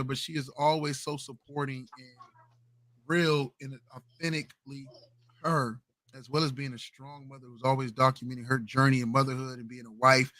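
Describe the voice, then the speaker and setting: A man's voice: medium pitch, bright, forceful tone, no room sound. A man hosting a casual late-night podcast, laid-back and slangy. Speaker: podcast host. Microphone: home streaming mic, adjusting gain.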